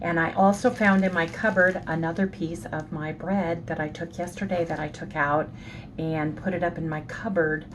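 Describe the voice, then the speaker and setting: Middle-aged woman, upbeat casual vlogger talking to viewers, low-pitched, phone mic with noise behind. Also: a little slow. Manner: upbeat, talks straight to viewers. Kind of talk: casual chatty vlog. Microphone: handheld phone.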